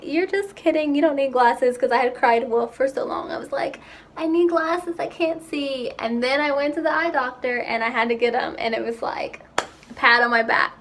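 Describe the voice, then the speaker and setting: A young woman telling stories about herself in a casual, chatty vlog, with quick asides. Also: a little high, a bit bright. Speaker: vlogger. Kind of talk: casual chat.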